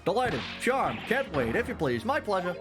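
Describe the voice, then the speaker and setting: A man's voice: high-pitched, big pitch swings, moderate pace, over music, pitched above the performer's own voice. A man voicing a fawning, flustered middle-aged police inspector who gushes his words.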